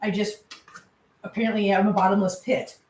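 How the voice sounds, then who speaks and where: A woman's voice: medium pitch, flat delivery, brisk, a little mellow, recorded from a distance, a little hiss or hum. A woman vlogging as she cooks dinner at home, chatting away to her viewers and her cats. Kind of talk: casual chat while cooking. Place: home kitchen. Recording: echoey kitchen from off-mic.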